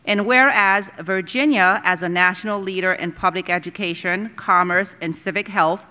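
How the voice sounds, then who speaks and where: A woman on a school board reading a formal resolution aloud, then speaking to her motion in a measured way. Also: medium pitch, pushed and bright.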